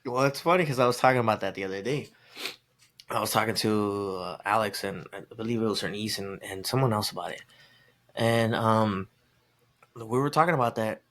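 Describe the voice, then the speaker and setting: A man's voice: lowish voice, a little fast, a bit bright. A young adult man telling a long, rambling wedding story as a podcast guest, acting out quotes and laughing often. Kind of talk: casual storytelling chat.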